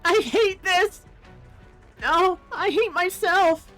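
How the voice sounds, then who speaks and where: A woman voicing a distraught young female fan over a game, shouting with her voice cracking into tears. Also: very high voice, animated, a little slow, faint music behind, pitched above the performer's own voice, full character voice. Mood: tearful. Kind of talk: live English dub over a game.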